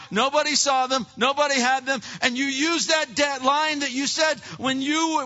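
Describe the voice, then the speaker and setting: A man's voice: very high-pitched, normal speed, few pauses, pushed and bright. A man preaching a sermon as a pastor, talking conversationally with frequent restarts and repeated words. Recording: dull lo-fi recording.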